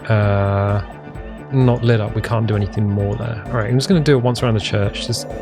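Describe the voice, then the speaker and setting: A man's voice: on the low side, fairly even intonation, fairly quick. A man giving casual gameplay commentary, thinking aloud with hesitant fillers. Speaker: let's play host. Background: game music.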